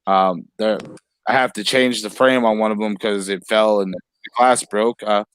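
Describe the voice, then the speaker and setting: A man's voice: lowish voice, fairly even intonation, normal speed, fairly bright tone, clear, resonant tone, dry recording. A man hosting a casual video-call chat, rambling and laughing easily. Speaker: host.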